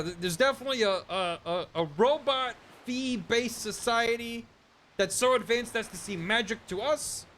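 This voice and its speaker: A man's voice: sits high, fairly bright tone, slight background noise, pitched above the performer's own voice. A man voicing a hesitant puppet theorist. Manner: rambling and hesitant, full of ums and restarts. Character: chatty male hand puppet, a nerdy theorist. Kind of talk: casual game stream banter.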